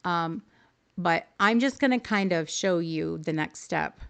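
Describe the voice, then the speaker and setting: A woman's voice: lowish voice, expressive, a little slow, vocal fry, smooth. A woman hosting a live stream, coaching her viewers through decorating choices in a friendly, upbeat way and answering chat as she goes. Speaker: livestream host teaching game decorating.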